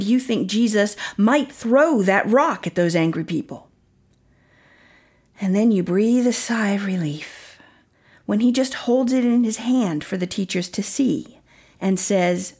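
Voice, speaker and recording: A woman narrating a Bible story for children in an expressive way, dropping into dramatic whispers. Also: medium pitch, takes it slowly. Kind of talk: scripted narration.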